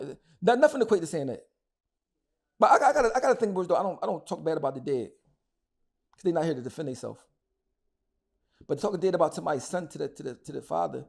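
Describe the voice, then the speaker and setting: A man's voice: a little high, vocal fry, a little mellow. A middle-aged man, talking as an interview guest, angry and emphatic, repeating himself and cursing a lot. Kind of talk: heated casual interview talk.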